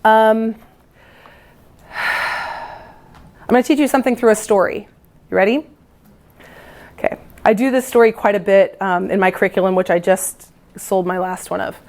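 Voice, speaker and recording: A woman, a music teacher, giving a lively storytelling lesson to other teachers and acting out how children react. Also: medium pitch, moderate pace, long pauses. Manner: animated, playful, acts out children's reactions.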